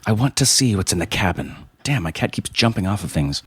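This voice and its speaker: A man's voice: on the low side, big pitch swings, a little fast, a little hiss or hum. A man voice actor joking around between takes, playful and loose. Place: home recording space at night.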